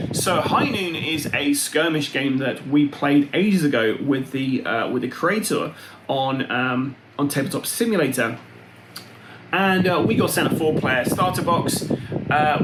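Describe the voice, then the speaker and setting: A man hosting a board game channel, chatting casually and meandering from topic to topic. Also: on the high side. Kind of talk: casual vlog chat. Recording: roomy, with loud fan hum. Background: loud fan noise.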